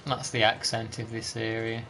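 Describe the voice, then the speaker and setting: A man's voice: fairly low pitch, monotone, normal speed, bright, forceful tone, slight background noise. A man with an East Midlands accent, chatting casually with his viewers and muttering to himself as he plays a game on a live stream. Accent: East Midlands English. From East Midlands, England. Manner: laid-back, chatty, mutters to himself while playing. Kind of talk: casual live-stream chat, reading chat aloud.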